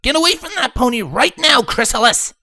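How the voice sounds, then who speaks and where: A man voicing a brash, hot-headed young female pony in a high, shouting voice for a storybook reading. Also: big pitch swings, brisk, no room sound, studio quality, full character voice. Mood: angry shouting. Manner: shouting, aggressive.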